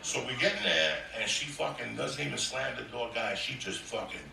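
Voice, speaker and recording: A man telling a profane comic story on stage in a brash, loud way, laughing as he goes. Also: mid-range voice, fairly quick, creaky, a crowd in the background. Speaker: stand-up comedian. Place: comedy stage before an audience. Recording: echoey live room, mic at a distance, audience laughter.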